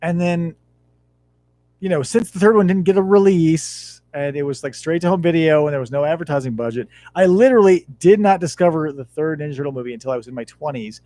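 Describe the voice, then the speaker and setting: A man in his thirties hosts a podcast at a brisk pace, his voice fairly high and the recording free of room sound. He's animated, swearing freely as he tells stories in a casual chat.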